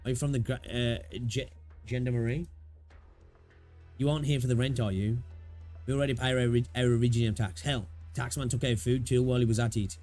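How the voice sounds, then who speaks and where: A man's voice: mid-range voice, fairly even intonation, a little fast, darkish tone, soft background music, lightly acted. A man voicing a defensive, shifty male village farmer who blusters and makes excuses. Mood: suspicious.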